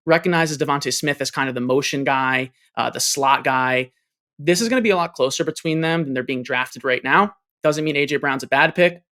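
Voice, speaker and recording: A man's voice: medium pitch, pushed and bright. A man who is a guest analyst in a casual sports chat, confidently laying out his reasoning point by point.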